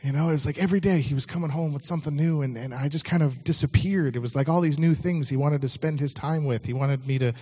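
A man's voice: on the high side, fast, hardly any pauses, dark tone, husky. Man preaching in a conversational style. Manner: conversational, frequent restarts. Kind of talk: storytelling sermon.

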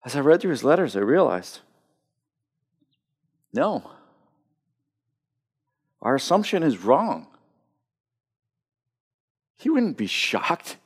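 A man's voice: mid-range voice, very animated, slow, pauses often, husky. A man preaching a sermon with passion, often repeating words as he starts a thought. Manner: impassioned, repeats words when starting phrases. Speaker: pastor.

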